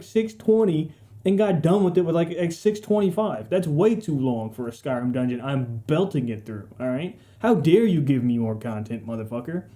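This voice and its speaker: Mellow-voiced man in profane rambling commentary. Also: a little high. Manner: profane, rambling, slangy and sarcastic. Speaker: gaming video creator. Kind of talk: casual rambling game ranking commentary.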